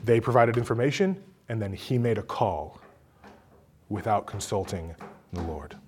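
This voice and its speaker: A male pastor preaching a sermon, his voice dropping low and quiet and then rising into loud, emphatic bursts. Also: lively intonation, moderate pace, faint music behind.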